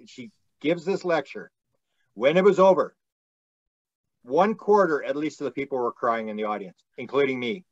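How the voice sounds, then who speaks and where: A man's voice: medium pitch, no room sound, dull audio. A man hosting a casual talk, telling a funny story with lots of laughter and repeated words. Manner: animated, laughs often, stammers and repeats words. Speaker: host. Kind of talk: casual storytelling on a video call.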